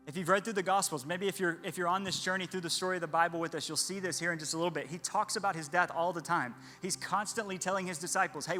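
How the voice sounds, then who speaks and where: A man's voice: fairly high pitch, bright, forceful tone. A young man preaching a sermon as pastor, earnest, repeating phrases for emphasis. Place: church hall. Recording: long hall reverb with music behind.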